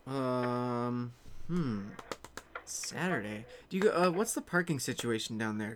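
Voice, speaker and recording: A man chatting casually to his viewers while stuck on hold, rambling and joking in a deadpan way. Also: medium pitch, moderate pace, slight background noise. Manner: deadpan, rambling, muttering jokes to himself. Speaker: vlogger.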